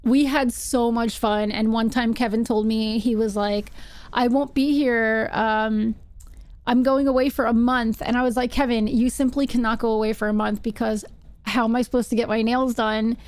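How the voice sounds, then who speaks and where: Animated woman streamer telling stories. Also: on the high side, moderate pace. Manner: animated, acts out quotes, screams when scared. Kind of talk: casual storytelling while gaming.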